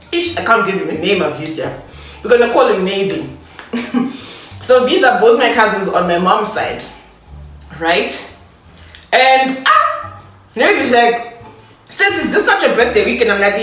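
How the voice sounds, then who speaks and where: A woman's voice: medium pitch, fairly bright tone. A young woman, chatting and laughing as she tells a storytime vlog while eating. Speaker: vlogger. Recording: echoey room, distant mic, faint noise.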